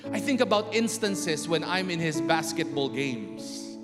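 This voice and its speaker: Guy telling a story, bouncy animated delivery, long hall echo, music going behind him. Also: a little high, normal speed, few pauses. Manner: animated, acts out scenes and voices. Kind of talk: storytelling talk to an audience.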